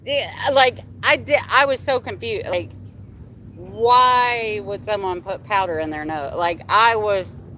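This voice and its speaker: A woman's voice: medium pitch, measured pace, bright, forceful tone, a little hiss or hum. A young adult woman hosting a livestream, telling a candid personal story in casual, heavily profane talk. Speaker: livestream host.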